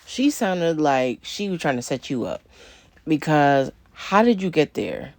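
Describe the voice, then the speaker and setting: A woman's voice: low voice, sing-song, a little slow, darkish tone, no echo. Blunt woman reaction host. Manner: blunt, emphatic, talks to viewers. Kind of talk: casual reaction commentary.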